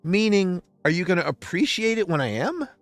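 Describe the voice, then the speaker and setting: A man's voice: high voice, sing-song, a little fast, no room sound, soft background music. Upset man venting on a livestream. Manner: impassioned and venting, swinging between quiet and loud. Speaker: livestream host. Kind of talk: emotional personal monologue.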